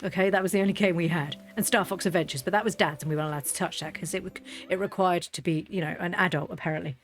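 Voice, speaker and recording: A woman's voice: fairly low pitch, steady tone, fast talker. A woman in her thirties, streaming a game and chatting casually, telling funny stories and laughing often. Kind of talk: casual gameplay chat.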